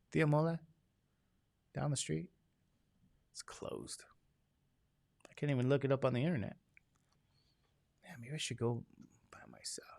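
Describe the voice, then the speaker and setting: Casual male instructor, gravelly, dry close sound, joking storyteller. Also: a little high, no room sound. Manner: chatty, joking storyteller, acts out quoted voices. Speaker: statistics instructor. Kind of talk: casual chat with a class.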